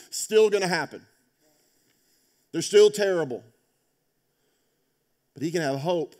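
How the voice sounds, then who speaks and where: A male pastor preaching a sermon in a conversational storytelling way, rising to loud emphasis and dropping to quiet, intense moments, often checking in with "right?". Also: mid-range voice.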